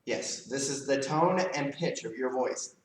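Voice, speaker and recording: A man teaching a live leadership class to kids as a karate instructor, calm and earnest, speaking straight to his students. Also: mid-range voice, a little slow, distant mic, a little hiss or hum. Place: karate school. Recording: roomy, mic set back.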